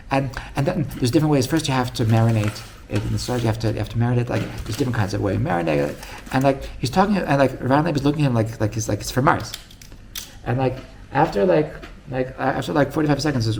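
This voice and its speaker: A man's voice: medium pitch, fast talker, creaky, a little hiss or hum. A man, a rabbi, telling a story in a casual, rambling way with many restarts. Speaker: rabbi teaching.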